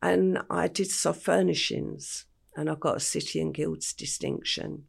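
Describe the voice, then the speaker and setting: Gravelly, husky older woman storyteller. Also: low voice, fairly even intonation. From England. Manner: slow, matter-of-fact retelling with quoted dialogue. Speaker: interview guest. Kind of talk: storytelling in a podcast interview.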